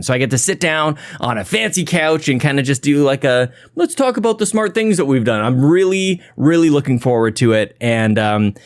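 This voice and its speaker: A man hosting a podcast, chatting casually and energetically through thank-yous and plans, rambling and laughing at himself. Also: on the high side. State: a little out of breath. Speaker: podcast host. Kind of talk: casual podcast intro and shout-outs.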